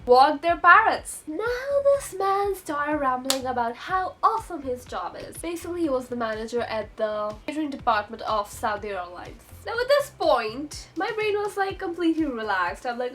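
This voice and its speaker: A young woman telling a story in a chatty, excitable vlog, breaking into sudden high squeals. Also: normal speed, hardly any pauses. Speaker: vlogger.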